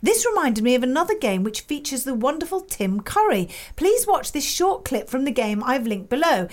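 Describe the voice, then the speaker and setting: A woman's voice: sits high, very animated, normal speed. A woman co-hosting a podcast, chatting casually and reading listener emails aloud in a playful, giggly way. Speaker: podcast co-host.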